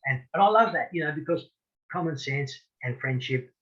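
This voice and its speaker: A man's voice: fairly high pitch, lively intonation, normal speed, a bit bright, lo-fi sound. An Australian man, a boxing referee, chatting as a guest in a friendly, rambling way with many restarts and frequent "mate". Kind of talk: casual interview chat.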